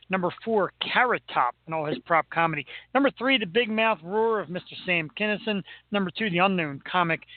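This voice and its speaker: A man's voice: sits high, no room sound. A man with a Philadelphia accent hosting a casual chat show, teasing and joking as he reads a list. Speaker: podcast host. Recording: tinny phone-like line, dry.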